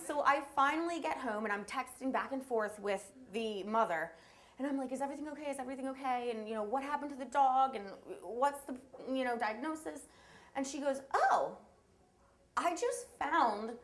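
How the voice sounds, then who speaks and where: A young woman telling a true story at a live story slam, animated and breathless, laughing as she goes. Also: sits high. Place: live event stage.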